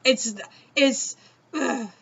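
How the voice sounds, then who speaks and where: Bright-voiced Southern woman, chatty and giggly. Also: high-pitched, fairly even intonation, extremely slow, vocal fry, breathy edge. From Southeastern United States. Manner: chatty, giggly, swears freely. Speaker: host. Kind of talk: casual chat. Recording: dull lo-fi sound.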